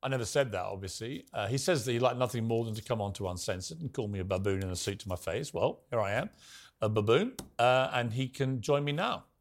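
A man's voice: medium pitch, lively intonation, fast talker. A man with a British accent hosting a TV talk show, giving a pointed, indignant opinion monologue full of rhetorical questions, then questioning a guest.

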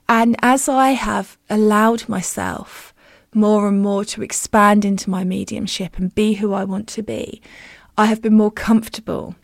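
A woman's voice: mid-range voice, a little mellow, dry recording, clean studio sound. Candid woman podcaster. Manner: candid, self-deprecating storyteller. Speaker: medium and podcast host. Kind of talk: casual podcast monologue.

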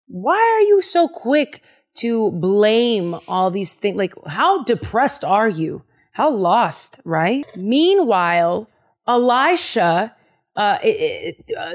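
Brief: woman podcast host, casual and animated, slangy storyteller. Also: a little high. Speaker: podcast host retelling Bible stories. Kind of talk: casual chat.

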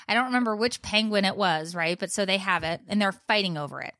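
A woman in her thirties co-hosting a chatty show, telling a story with lively acted-out bits. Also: mid-range voice, fast, dry recording, clean studio sound. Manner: animated storyteller, acts out her own shouting. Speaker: podcast co-host. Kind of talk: casual chat, storytelling.

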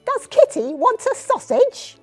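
Lady putting on a squeaky little troll guy, pushy, way high voice. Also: huge pitch swings, slow pace, a little mellow, faint music behind, exaggerated voice. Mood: gleeful. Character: tiny shrill male troll, pushy. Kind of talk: told folk tale.

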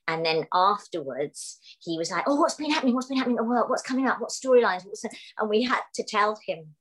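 A woman's voice: deep voice, poor audio. A middle-aged woman, an actress, chatting in an interview and acting out the voices of people in her stories. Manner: animated storyteller, acts out voices in anecdotes. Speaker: actress guest. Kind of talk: casual interview chat.

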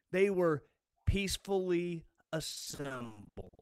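Combative man ranting with a lively voice. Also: on the high side, unhurried, no room sound, clean studio sound. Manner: sarcastic and combative. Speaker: political commentator. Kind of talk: angry political rant.

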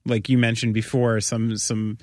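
A man's voice: medium pitch, level tone, unhurried, a little mellow, no room sound, studio quality. Rambling male podcast host. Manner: rambling, full of likes and restarts, swearing. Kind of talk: casual podcast chat.

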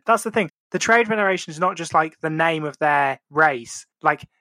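A man's voice: fairly high pitch, normal speed, bright, forceful tone, no echo. A man co-hosting a casual podcast, rambling and joking with lots of fillers. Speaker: podcast co-host.

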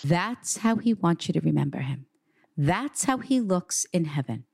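A woman's voice: lowish voice, sing-song, normal speed, creaky, darkish tone. A woman working as a psychic medium, giving an earnest, reassuring reading in conversation. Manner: earnest, reassuring, relays quotes in a raised voice.

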